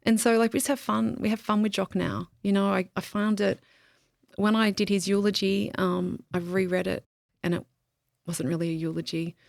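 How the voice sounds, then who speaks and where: A grieving woman talks through her loss in a reflective interview, candid and unhurried, pausing and restarting as she searches for the right words. Her voice carries a gravelly, creaky texture. The sound is close and dry. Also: mid-range voice, fairly even intonation, no echo. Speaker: podcast guest.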